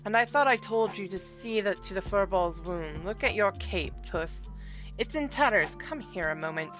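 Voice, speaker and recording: A woman voicing a blunt, gruff male sky pirate captain with a drifting accent, reading game dialogue aloud. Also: medium pitch, lively intonation, moderate pace, a bit bright, close to an everyday voice. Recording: dull lo-fi with game music.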